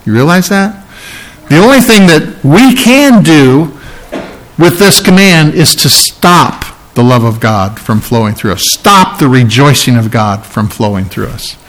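A man's voice: lively intonation, measured pace, fairly bright tone, poor audio. Earnest male pastor preaching. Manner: earnest, pleading and teacherly, rising in pitch to stress points. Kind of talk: sermon.

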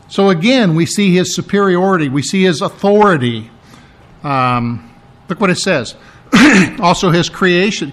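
A man preaching an expository Bible lesson, stressing key words by repeating them and clearing his throat often, with casual asides and fillers. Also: sits high, fairly bright tone. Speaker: pastor.

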